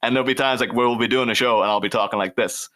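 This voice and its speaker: A man's voice: mid-range voice, steady tone, rapid-fire, bright, forceful tone. A man from Ireland with a mild Irish accent that sounds almost American, chatting as a podcast guest and laughing as he tells stories. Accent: mild Irish, near American on mic. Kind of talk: casual chat.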